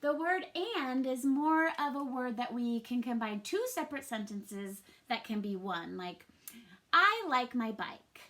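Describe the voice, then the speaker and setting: A woman's voice: a little high, measured pace, hardly any pauses. A woman teacher giving a patient, sing-song reading lesson to young children. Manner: patient, sing-song classroom delivery with little laughs.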